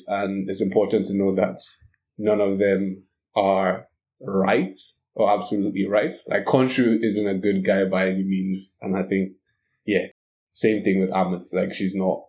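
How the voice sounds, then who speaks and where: Low-voiced man, relaxed podcast guest. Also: unhurried. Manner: relaxed, hesitant, many fillers. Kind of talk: casual chat.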